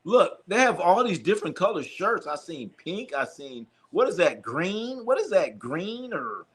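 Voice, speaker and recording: His high-sitting voice is sing-song, a bit bright, and a little slow as he hosts the basketball watch-party stream. He casually calls the action, reads chat, jokes with the audience, and repeats himself frequently.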